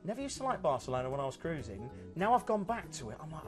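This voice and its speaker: A man's voice: fairly high pitch, big pitch swings, fast, music in the background. A man presenting cruise holidays on a TV sales show, chatty and upbeat with lots of fillers. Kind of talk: enthusiastic sales chat.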